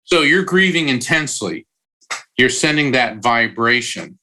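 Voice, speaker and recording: A man's voice: mid-range voice, lively intonation, measured pace, sharp tone. A man who works as a psychic medium, giving an interview guest's long explanations full of analogies and the odd digression. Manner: explains at length with analogies, prone to digressions and restarts.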